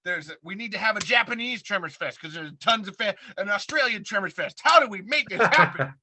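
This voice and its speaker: A young man hosts a casual interview, his voice high and piercingly bright. He is playful and laughs often while he talks. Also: expressive, a little fast. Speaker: podcast host.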